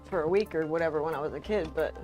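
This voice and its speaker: A woman's voice: low voice, very fast, darkish tone, soft background music. A woman co-hosting a live stream, chatting and telling family stories with frequent laughs. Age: adult parent. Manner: chatty storyteller, laughs often. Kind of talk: casual chat.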